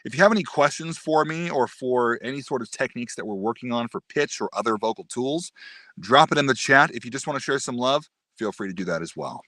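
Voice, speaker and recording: A man teaching voice technique on a live stream, explaining patiently and demonstrating pitch and resonance himself. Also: lively intonation, fairly quick, sharp tone, no room sound, clean studio sound. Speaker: voice acting teacher.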